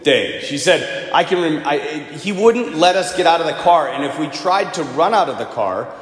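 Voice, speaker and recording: Priest preaching in an echoey church. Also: male voice, a little high, expressive, normal speed, a bit bright. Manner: storytelling homily, conversational, acts out quoted voices. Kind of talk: sermon. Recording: echoey church with long reverb.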